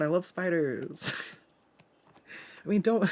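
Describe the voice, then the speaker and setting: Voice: mid-range voice, lively intonation, unhurried, vocal fry, pauses often, darkish tone, slightly rough. A streamer from the Pacific Northwest chatting casually while drawing and reading chat aloud, swearing freely and laughing often.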